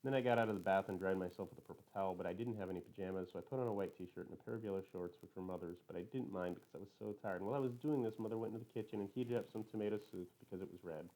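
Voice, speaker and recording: A man reading a first-person novel aloud in a plain, literal, even manner. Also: low voice, racing, few pauses, rough recording. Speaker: audiobook reader.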